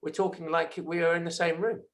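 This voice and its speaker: A man chatting as a guest over a video call, an animated storyteller who quotes others. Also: on the high side, brisk. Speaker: guest, film executive producer. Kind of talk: casual video-call conversation.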